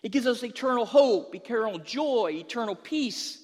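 A man's voice: extremely high pitch, expressive, moderate pace, a little mellow, long reverb tail. A male pastor preaching a sermon, telling a humorous story and then pressing an emphatic question to the listeners.

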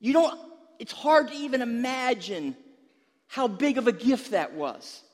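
A man's voice: extremely high pitch, big pitch swings, measured pace, a little mellow, big-room sound. A male pastor preaching a sermon, telling a humorous story and then pressing an emphatic question to the listeners.

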